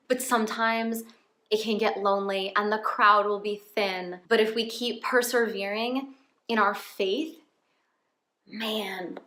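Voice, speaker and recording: A woman's voice: medium pitch, pushed and bright, echoey room. A woman talking in a casual personal vlog from her home, earnest and heartfelt. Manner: earnest, heartfelt, openly emotional. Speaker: faith vlogger.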